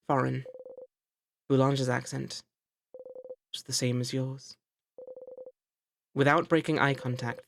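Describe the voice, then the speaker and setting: A woman's voice: extremely low pitch, a little hiss or hum. A woman streamer reading game text aloud expressively in a voice-acted playthrough, with playful asides.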